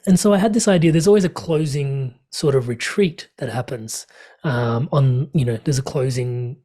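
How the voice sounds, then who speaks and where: A man, a podcast guest, telling a personal story in conversation, animated and laughing often. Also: medium pitch, moderate pace. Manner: animated, laughs often, acts out quoted dialogue.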